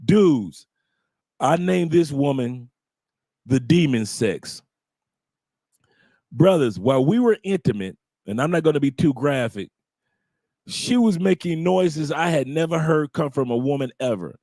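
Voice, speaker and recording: A man's voice: a little high, lively intonation, unhurried, long pauses, warm tone, no room sound, clean studio sound. Joking American man telling a bawdy story. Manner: loose, bawdy and joking, with acted-out quotes. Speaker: host. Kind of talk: casual storytelling to a live audience.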